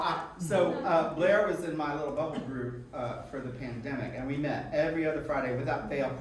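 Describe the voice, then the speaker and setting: A man hosts a small live event in a music school, with a voice pitched a little high. He talks in an effusive, chatty way and laughs often. The sound is heavily echoey, picked up from far off with a noisy room behind him. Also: a little fast, hardly any pauses, a loud crowd. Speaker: event host. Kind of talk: live stage introductions.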